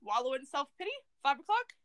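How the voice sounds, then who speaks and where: A young woman co-hosting a podcast in casual chat, animated and playfully indignant. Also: high voice, fast talker, crowd noise. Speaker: podcast co-host.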